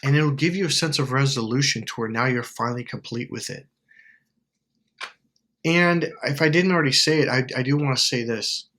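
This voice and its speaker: A man talking casually to camera, giving self-help advice in an animated, rambling way, acting out little quoted exchanges with sudden jumps in voice. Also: medium pitch, moderate pace. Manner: rambling, with many fillers and restarts.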